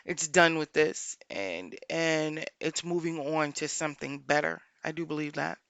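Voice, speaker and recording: A woman life coach hosting a solo podcast, speaking earnestly and repeating her points for emphasis, pausing often to think aloud. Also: deep voice, gravelly, a bit bright, no echo.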